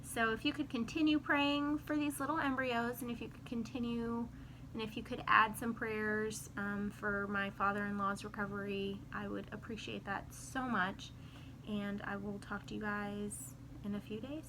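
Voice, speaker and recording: A woman talking candidly to camera in a casual personal vlog, soft-spoken and heartfelt. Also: medium pitch, level tone, normal speed, background noise. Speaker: vlogger.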